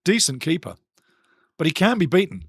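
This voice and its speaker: Hosting a live football watchalong, a man reads viewers' comments aloud and talks football with blunt, outspoken views, often repeating himself. His slightly high voice has big pitch swings and a breathy edge at normal speed, recorded dry and clean via desk microphone in studio conditions.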